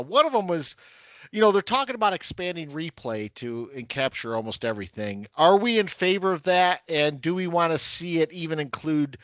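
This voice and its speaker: A man's voice: on the high side, fairly bright tone, dry recording. A man hosting a sports podcast in a casual, conversational way, moving the group through listener questions. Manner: conversational, runs the segments. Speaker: podcast host. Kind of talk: casual chat.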